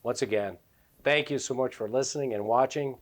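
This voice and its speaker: A man's voice: mid-range voice, fairly quick. A man hosting a car podcast at a car storage shop, affirming his guest and wrapping up with a promotional sign-off. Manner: friendly, affirming, promo-style wrap-up. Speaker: podcast host.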